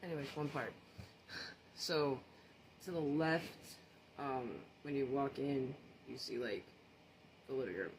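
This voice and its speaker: A man's voice: mid-range voice, measured pace, long pauses, a little hiss or hum, rough recording. A man casually telling a story, rambling with many fillers and restarts.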